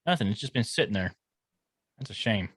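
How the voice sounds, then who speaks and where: A low-voiced man talks in a laid-back, casual podcast chat, mostly offering short agreeing replies and dry jokes. His voice is recorded dry and close, with little room sound. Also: lively intonation, a little fast, a bit bright, slightly rough, no echo. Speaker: podcast co-host.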